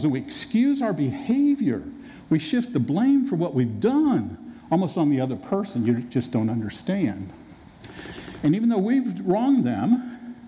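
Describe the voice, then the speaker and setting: Animated preacher man in an echoey hall. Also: fairly high pitch. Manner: conversational, animated, acts out quotes. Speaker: pastor. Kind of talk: sermon. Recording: reverberant hall with faint noise.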